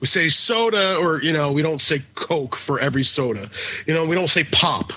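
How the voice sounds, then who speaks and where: A man's voice: a little high, animated, normal speed, bright, forceful tone, a little hiss or hum. A man from the northern US co-hosting a podcast, ranting in casual, profane chat. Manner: ranting, heavy swearing. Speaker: podcast co-host. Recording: dull lo-fi podcast audio.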